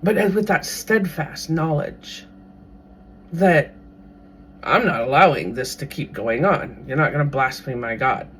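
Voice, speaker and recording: A podcast host retelling a Bible story in a casual, animated way, now and then acting out what the characters might think. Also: mid-range voice, unhurried, slight background noise. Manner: animated, briefly acts out characters' thoughts.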